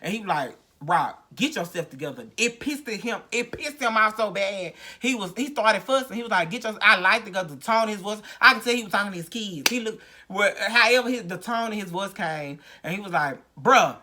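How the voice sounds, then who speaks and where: A woman's voice: mid-range voice, fairly quick, few pauses, pushed and bright, slight background noise. A woman hosting her podcast, talking frankly and rambling through her own story with many restarts, without a proper podcast mic. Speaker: podcast host. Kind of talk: candid personal recovery story.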